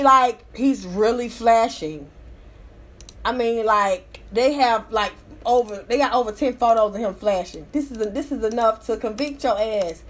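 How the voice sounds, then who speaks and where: Sassy high-voiced woman ranting. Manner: animated, sassy, profane, laughs often. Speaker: commentator reacting to a news story. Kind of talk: casual commentary reading and reacting to an article.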